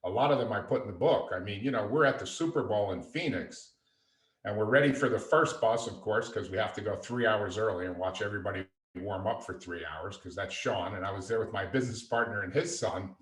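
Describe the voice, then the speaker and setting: Low-voiced man telling stories in an echoey room. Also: a little fast. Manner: lively anecdotal storyteller. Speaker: guest, father and entrepreneur. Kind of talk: conversational storytelling. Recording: echoey room, distant mic.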